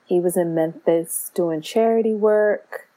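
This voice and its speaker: A woman's voice: lowish voice, warm tone. A woman co-hosting a podcast in casual chat, playful and teasing. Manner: playful, teasing, quick to laugh. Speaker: podcast co-host.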